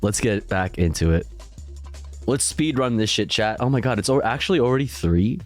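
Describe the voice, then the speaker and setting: A man's voice: fairly low pitch, expressive, normal speed, soft background music. A man streaming live, reacting to clips in loose, profane, casual chat and chuckling often.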